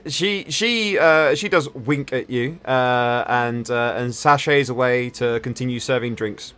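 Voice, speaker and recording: A man narrating as game master, halting and restarting as he describes the scene. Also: medium pitch, a bit bright, smooth.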